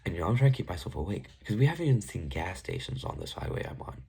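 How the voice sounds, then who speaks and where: A man's voice: deep voice, wildly swooping pitch, very fast, gravelly, a little mellow, slightly rough. A young man telling a casual, profane storytime about an ex, rambling and exasperated. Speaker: vlogger.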